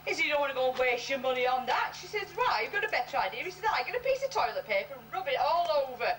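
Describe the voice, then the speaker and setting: Lively woman telling jokes. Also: sits high, fast. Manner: lively storytelling, mimics characters' voices. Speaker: joke teller. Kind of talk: telling crude pub jokes. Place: social club gathering. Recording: distant room recording with background noise.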